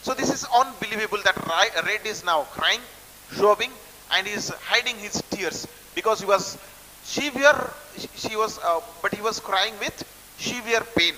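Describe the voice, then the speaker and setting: Indian English man teaching a lesson, bright tone. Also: sits high, measured pace, long reverb tail, slight background noise, low-quality recording. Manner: repetitive, restarts phrases while explaining word meanings. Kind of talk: explaining a textbook story to students.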